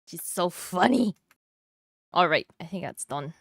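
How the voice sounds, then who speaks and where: A woman's voice: fairly low pitch, animated, unhurried, no room sound, clean studio sound. A woman from Canada chatting casually with her stream viewers while she draws, laughing often and asking them questions.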